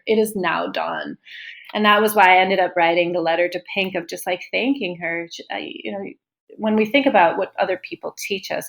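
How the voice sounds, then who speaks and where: Gravelly-voiced woman telling a heartfelt story. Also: on the low side. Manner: heartfelt, openly moved, retelling with quoted dialogue. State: tearful at times. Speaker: teacher and parent guest. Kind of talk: emotional personal storytelling in a podcast interview.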